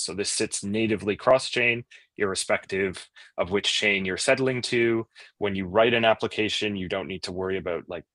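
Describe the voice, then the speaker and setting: A man as a podcast guest, explaining in a relaxed way with many fillers. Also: on the low side, no room sound. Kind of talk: casual interview chat.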